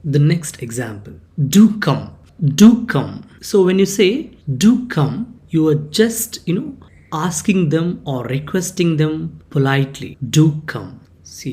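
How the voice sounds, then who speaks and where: Teacher, grammar lesson, slow and deliberate, animated pitch, repeats stressed examples. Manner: reads example sentences aloud with stress and repetition. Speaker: English teacher.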